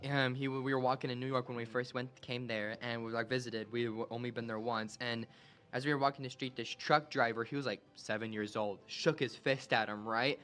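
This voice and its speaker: A young man chatting casually as a podcast co-host, telling animated stories and laughing often. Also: mid-range voice, brisk, faint music behind. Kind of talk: casual chat.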